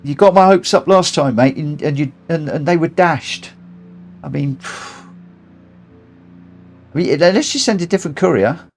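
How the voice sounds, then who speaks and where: A man's voice: fairly high pitch, normal speed, long pauses, soft background music. Chatty man streaming a racing game. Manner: chatty, laughs a lot, self-mocking. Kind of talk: casual live-stream commentary. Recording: noisy game audio behind voice.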